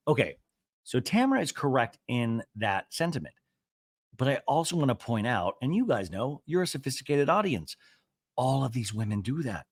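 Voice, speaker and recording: A male podcast host chatting casually through a reality show recap, animated and quick to act out quotes. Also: mid-range voice, no echo, clean studio sound.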